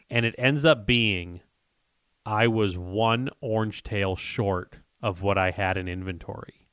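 A man's voice: fairly low pitch, bright, forceful tone, clear, resonant tone, no echo, clean studio sound. A man hosting a casual podcast, telling a rambling story and acting out what other people said. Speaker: podcast host and lure maker.

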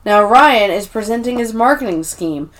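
A woman co-hosting a podcast, recapping episodes in casual chat and acting out scenes in quick put-on voices. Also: on the high side, animated. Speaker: podcast co-host.

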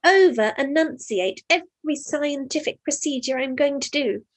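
A woman's voice: high-pitched, animated, normal speed. A woman co-hosting a podcast, chatting playfully and laughing often. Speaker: podcast co-host. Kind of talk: casual chat.

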